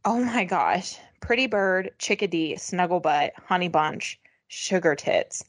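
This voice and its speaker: A woman's voice: fairly low pitch, lively intonation, unhurried, no echo, clean studio sound. A woman co-hosting a comedy podcast, reading out items with frequent swearing, laughter and mock disgust. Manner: profane, giggly, reads list items aloud with mock disgust. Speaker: podcast co-host. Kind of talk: casual comedic chat.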